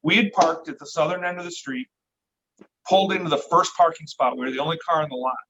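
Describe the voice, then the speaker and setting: A man's voice: fairly high pitch, fast talker, sharp tone. A middle-aged man, a podcast guest, telling a story casually and acting out the voices he quotes, with the odd swear word. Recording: dull lo-fi recording.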